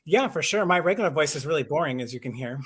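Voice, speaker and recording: A man's voice: fairly high pitch, animated, quick pace, fairly bright tone, slightly rough. A voice actor and audiobook narrator chatting casually and enthusiastically, laughing at himself as he explains his craft. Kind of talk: casual chat on a live stream.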